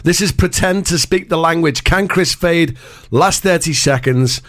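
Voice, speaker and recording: A man hosting a radio show, bantering in a jokey, relaxed way. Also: a little high, unhurried, noisy background. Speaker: radio host.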